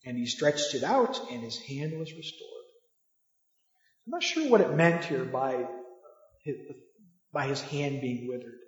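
A man's voice: medium pitch, very animated, unhurried, pauses often. A man preaching a sermon in a conversational way, asking the listeners rhetorical questions. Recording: echoey hall, dull lo-fi sound.

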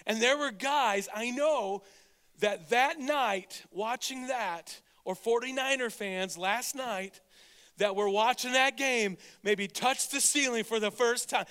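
A man preaching a sermon as pastor, getting over a cold, energetic and exhorting, swinging from loud to hushed. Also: very high voice, unhurried, long reverb tail. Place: church sanctuary.

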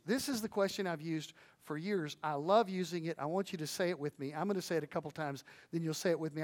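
A man preaching a sermon, earnest and animated, swinging between hushed and loud, with folksy storytelling and asides to the audience. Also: fairly high pitch. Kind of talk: sermon on evangelism.

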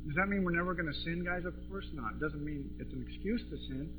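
A man preaching a sermon to a congregation, impassioned, swinging between loud and soft. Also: fairly high pitch, fast talker. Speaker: pastor. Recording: tinny phone-like recording with faint music.

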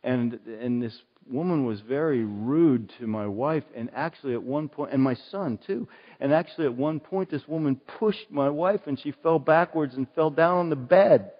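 A middle-aged man preaching a sermon as a pastor, telling a personal story earnestly and moving between emphatic outbursts and soft, prayerful tones. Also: medium pitch, normal speed, few pauses. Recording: dull sound with long hall reverb.

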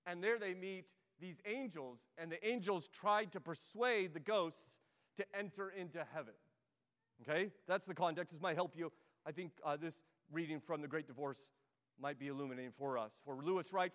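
Male preacher giving an emphatic sermon in a church, high voice, hall reverb. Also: normal speed, fairly bright tone. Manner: emphatic, direct exhortation.

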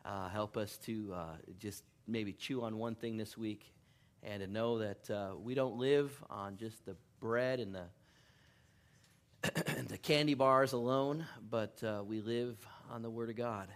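A man's voice: lowish voice, fairly even intonation, unhurried. A middle-aged male pastor giving a casual, joking sermon in church, laughing often and poking fun at himself. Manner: chatty, self-deprecating, laughs often. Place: church sanctuary.

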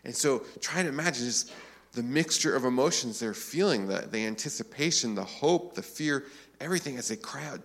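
A man preaching a sermon as a pastor, relaxed and conversational, with frequent filler phrases. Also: mid-range voice, brisk.

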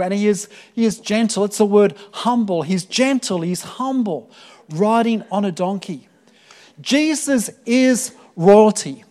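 A man preaching to his congregation in a high, bright-toned voice. He is earnest and storytelling, often pausing on "um" and restarting phrases before he lands his point. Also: lively intonation. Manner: earnest, with many fillers and repeated words. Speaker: pastor. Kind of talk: sermon.

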